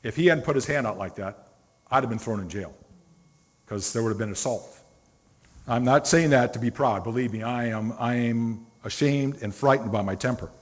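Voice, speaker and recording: A middle-aged pastor preaches in a conversational, storytelling manner, leaning hard on single words. His voice is slightly husky, and it rings with the long reverb of a church sanctuary. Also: medium pitch, normal speed. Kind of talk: sermon.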